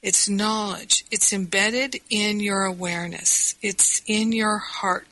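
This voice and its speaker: Woman spiritual teacher, slow easy talk, bright voice, dry close sound. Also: medium pitch, fairly even intonation, no room sound, rough recording. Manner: slow, gentle, with restarts and quoted self-talk.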